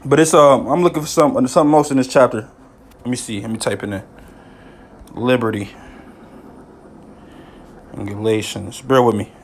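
A bible teacher with a medium-pitched voice teaches scripture in a casual, excitable way, often throwing in "man" and "you know," and reads the verses slowly.

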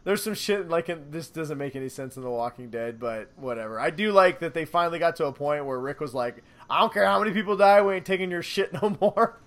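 A man co-hosting a casual podcast, excitable, laughing often and swearing freely. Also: fairly high pitch, a little fast, hardly any pauses. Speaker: podcast co-host.

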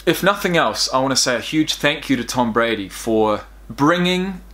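A man's voice: medium pitch, expressive, normal speed, a bit bright. A young man hosting a reaction video, talking straight to his viewers in a rambling, emotional way. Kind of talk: casual reaction commentary.

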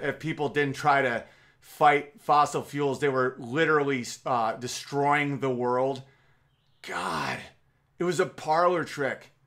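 A man's voice: medium pitch, fairly bright tone. A man hosting a podcast, delivering a casual comedic monologue in a rambling, profane, emphatic way.

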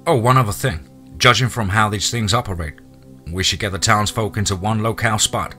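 A man's voice: fairly low pitch, fairly quick, sharp tone, soft background music. A man voicing a blunt, practical ex-military male farmer. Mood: planning.

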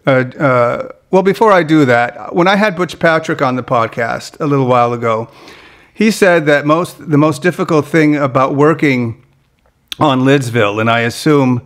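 A man hosting a podcast interview, chatty and halting, with many fillers and restarts. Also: a little high. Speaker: podcast host. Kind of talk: casual interview chat.

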